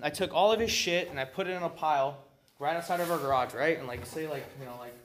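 A man's voice: a little high, fast talker, a little hiss or hum. Man casually sharing at a recovery meeting. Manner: loose and profane, heavy with fillers. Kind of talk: casual personal share.

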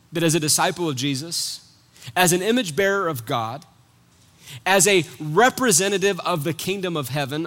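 A man with a high voice preaches a sermon. He reads the verses and then talks them through, repeating a word now and then as he gathers his thought. His voice swells into loud, emphatic peaks. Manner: repeats words while thinking aloud.

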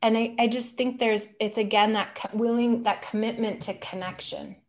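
A woman talking as a podcast guest in casual conversation, reflective and gentle, with many fillers like "like" and "right?". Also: a little high, fairly even intonation, normal speed.

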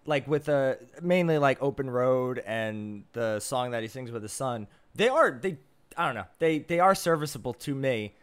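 A young man co-hosting a podcast, rambling excitedly through a casual movie chat. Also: medium pitch, normal speed, clean tone. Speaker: podcast co-host.

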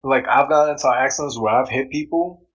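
A man's voice: medium pitch, a little fast, husky, highs cut off. Man telling a story with a bit of grit. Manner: animated, swears freely, acts out quotes. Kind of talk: casual chat, storytelling.

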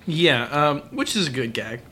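A man's voice: a little high, very animated, unhurried, pushed and bright, breathy edge. A drunk man on a podcast casually recapping an anime, rambling with lots of fillers and restarts. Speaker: podcast co-host.

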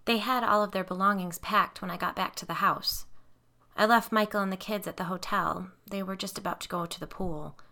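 A woman narrating a horror novel in a steady, even reading voice. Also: medium pitch, a little fast. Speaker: audiobook narrator.

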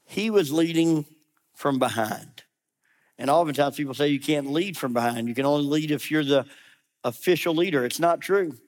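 Slightly high-voiced pastor preaching conversationally. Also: male voice. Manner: conversational, direct challenges to the listener; sarcastic asides. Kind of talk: sermon.

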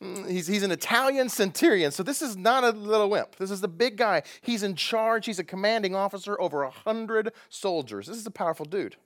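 A man preaching as a pastor at a church gathering. He delivers his sermon in an animated, joking way and laughs often. His pitch is a touch high for a man and swings widely from phrase to phrase. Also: a little fast, hardly any pauses.

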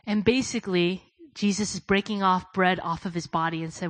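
A woman preaching a sermon, telling stories in a casual way, dropping soft and low for quoted prayers and rising loud when she urges her listeners. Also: steady tone, fairly quick, no room sound, poor audio. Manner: addresses listeners as "guys".

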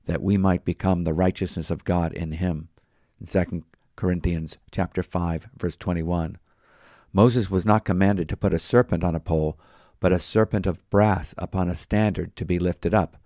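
Very deep-voiced man reading a sermon. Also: a little mellow, no room sound, clean studio sound. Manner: measured, citing chapter and verse. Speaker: Bible teacher. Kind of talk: read sermon.

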